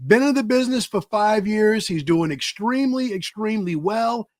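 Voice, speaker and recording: A man's voice: sits high, animated, normal speed, few pauses, darkish tone, no room sound, clean studio sound. A man hosting a podcast with an enthusiastic, hype-style delivery. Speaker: podcast host.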